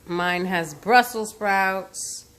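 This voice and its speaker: A woman's voice: medium pitch, extremely slow, fairly bright tone, a little hiss or hum. A woman vlogging in her home kitchen, chatting casually as she talks through each cooking step.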